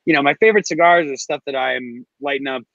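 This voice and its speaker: A man, a guest on a podcast, telling stories casually in an animated, filler-heavy way. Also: mid-range voice, fast, gravelly, dry recording, lo-fi sound. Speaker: guest, co-host of a cigar show. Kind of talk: casual chat.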